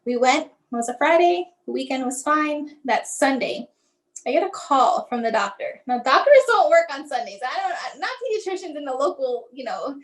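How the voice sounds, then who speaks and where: A woman's voice: high voice, lively intonation, normal speed, poor audio. A woman guest telling a personal story about her son, acting out remembered dialogue with frequent "like" and "um". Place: lives in the Tampa area.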